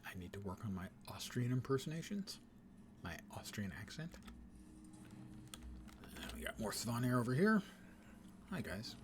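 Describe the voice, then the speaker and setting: Streamer, male, mid-pitched and lively, dry jokes between play-by-play. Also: normal speed, pauses often, noisy background. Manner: wry, joking asides. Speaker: game streamer. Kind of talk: casual live-stream commentary.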